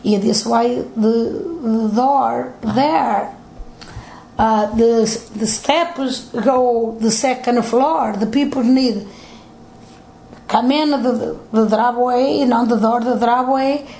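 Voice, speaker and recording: An older woman with a Portuguese accent recounts her family history in broken English during an interview at home. She speaks slowly in a voice on the high side, telling the story animatedly and acting out quotes, and the recording quality is low.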